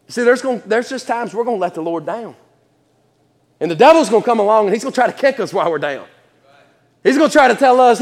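A man's voice: extremely high pitch, lively intonation, fairly quick, big-room sound. A man preaching a sermon in church, folksy and chatty, laughing often and repeating his words.

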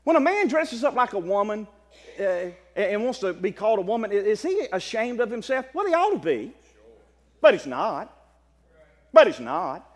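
Very animated and a little fast, a high-voiced preacher gives a Baptist sermon, swinging in pitch from hushed asides to loud, exclamatory bursts. His words ring with the long echo of the hall.

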